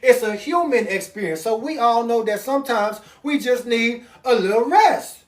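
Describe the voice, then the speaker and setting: A man's voice: very high-pitched, normal speed. Male preacher, casual sermon delivery, reads then explains in everyday talk, recorded off-mic in a roomy space. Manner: reads passages aloud, then explains them in plain talk; loose, conversational, with sudden emphatic rises. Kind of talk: informal sermon. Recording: roomy, distant sound.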